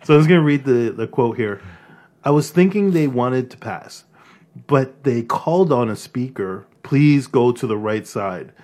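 A man's voice: medium pitch, animated, a little slow, a little mellow. Giggly man reading news aloud. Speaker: podcast host.

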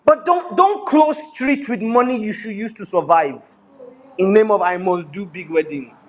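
A middle-aged Nigerian pastor delivers an animated sermon in a fairly high-pitched voice, his Nigerian accent strong. He drifts into pidgin phrases and laughs often between points. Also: moderate pace.

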